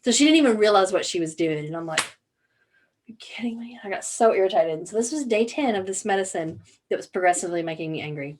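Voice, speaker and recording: A woman co-hosting a podcast, telling a story in casual chat, animated, with many fillers and some swearing. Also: medium pitch, quick pace, a little hiss or hum. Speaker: podcast co-host.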